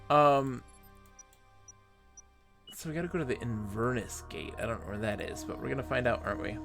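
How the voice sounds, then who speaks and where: A man's voice: medium pitch, expressive, moderate pace, creaky, pauses often, a bit bright, faint music behind. A man streaming a space game live, chatting casually to himself while he plays. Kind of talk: live gameplay commentary.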